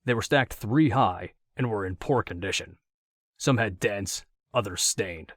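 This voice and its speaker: A man reading an audiobook story in a steady, measured narration. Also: lowish voice, no room sound, clean studio sound.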